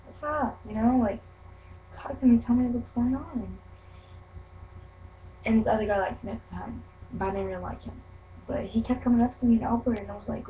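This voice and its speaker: Rambling teen girl telling her story. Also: mid-range voice. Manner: rambling, filler-heavy, slangy. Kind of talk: personal storytelling to camera. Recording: dull lo-fi recording with faint hum.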